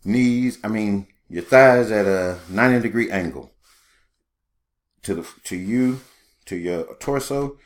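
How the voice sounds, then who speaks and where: Man, very deep voice, rambling casual talk, lots of "you know". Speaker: small channel host teaching meditation. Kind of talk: unscripted spoken guidance.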